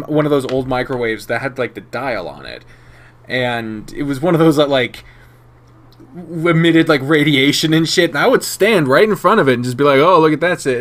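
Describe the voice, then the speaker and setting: A man's voice: medium pitch, fairly bright tone. A man hosting a casual viewer Q&A, reading comments aloud in a rambling, self-mocking way and swearing freely. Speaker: channel host answering viewer questions.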